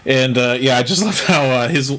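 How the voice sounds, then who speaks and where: A man with a bright, forward voice co-hosts a casual podcast. He rambles through his points with plenty of fillers and laughs easily along the way. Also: medium pitch, normal speed. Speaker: podcast co-host. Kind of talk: casual chat.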